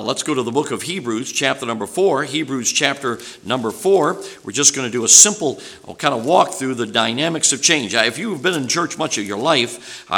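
Bright-voiced Chicago preacher, folksy and chatty. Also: male voice, mid-range voice. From Chicago, USA. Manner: folksy, chatty, many "uh"s and "okay"s. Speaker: traveling preacher. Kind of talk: sermon introduction to a congregation.

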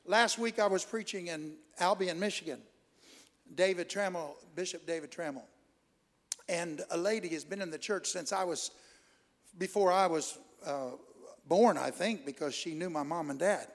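Brief: high-pitched male Pentecostal preacher, fervent, bursts into tongues, long church-hall reverb. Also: moderate pace. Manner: fervent, swells into exclamations and speaking in tongues. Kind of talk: Pentecostal sermon.

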